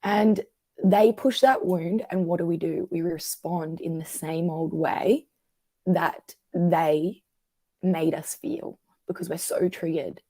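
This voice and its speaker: A woman, a coach talking through emotional patterns in a conversational interview, animated and acting out the voices she quotes. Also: on the low side, slow, dry recording. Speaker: guest coach.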